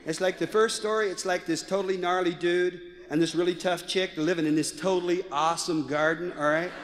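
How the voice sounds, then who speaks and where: A woman's voice: lowish voice, steady tone, fairly quick, big-room sound, pitched below the performer's own voice, close to an everyday voice. A man doing a breezy valley girl teen. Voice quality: valley girl slang drawl. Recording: live comedy album with crowd and hiss.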